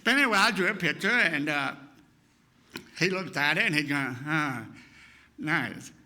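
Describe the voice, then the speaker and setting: Older guy in his 60s, sermon told as funny life stories, kinda high voice, really punchy and bright. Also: a little fast. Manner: lively storyteller who acts out the people he quotes. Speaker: guest speaker. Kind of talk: humorous personal storytelling sermon.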